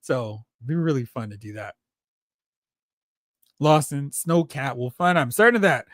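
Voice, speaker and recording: A man hosting a toy collecting live stream, chatting casually and excitedly while reading viewer comments aloud. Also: mid-range voice, moderate pace, dry recording, studio quality. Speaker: host of a toy collecting show.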